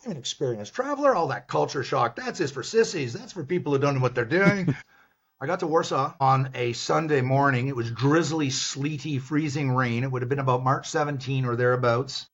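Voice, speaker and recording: An older Canadian man speaks as a guest, telling his stories with animated energy and slipping into his own past lines. His voice is husky and sits at a middle pitch for a man. The recording comes through dull and lo-fi. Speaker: guest, business professor. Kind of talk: storytelling in an interview. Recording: dull, lo-fi sound.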